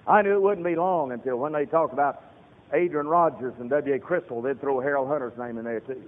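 A man preaching a sermon as a pastor, swinging from hushed talk to loud shouted peaks. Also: medium pitch, brisk. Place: church sanctuary. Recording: tinny lo-fi sermon recording in reverberant hall.

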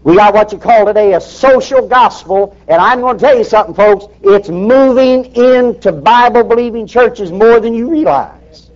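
A man's voice: high-pitched, normal speed, hardly any pauses. A man preaching a fiery sermon in an emphatic, folksy way, firing rhetorical questions at the congregation. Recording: dull lo-fi recording.

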